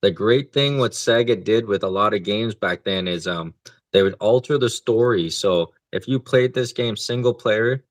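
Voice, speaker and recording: Low-voiced laid-back podcast guy. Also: moderate pace, no room sound. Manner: relaxed, laid-back, swears freely. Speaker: podcast co-host. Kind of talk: casual gaming chat.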